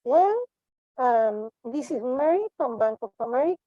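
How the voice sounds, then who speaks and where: A man using a voice changer to play a polite female bank caller with a slow, sweet-talking pitch. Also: expressive, dry recording, dull audio. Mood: coaxing. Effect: voice changer making him sound female.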